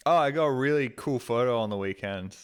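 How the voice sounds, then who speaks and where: A man's voice: mid-range voice, a little fast, clean tone. A man chatting casually on a live stream, rambling and swearing with a self-deprecating edge, talking from a desk mic at home.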